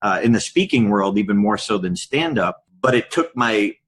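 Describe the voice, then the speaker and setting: A middle-aged man, a podcast guest and public speaker, telling candid stories in a lively anecdotal way. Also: on the low side, moderate pace, husky. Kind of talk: storytelling in a podcast interview.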